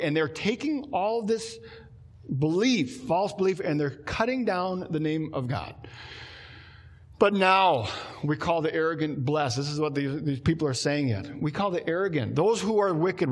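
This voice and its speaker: Man, pastor, sermon, animated, higher-pitched voice. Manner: animated, acts out quoted complaints in a lower voice.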